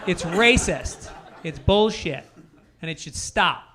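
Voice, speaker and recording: A man's voice: high-pitched, animated, slow, a bit bright, some chatter behind. Man doing a sarcastic stand-up rant. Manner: sarcastic mock outrage. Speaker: stand-up comedian.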